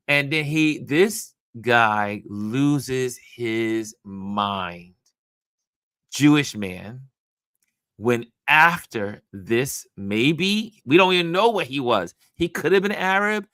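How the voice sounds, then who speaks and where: A man from New York hosting a casual talk show, telling a story in an animated way with many restarts. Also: medium pitch, slow, dry recording, studio quality. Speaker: host.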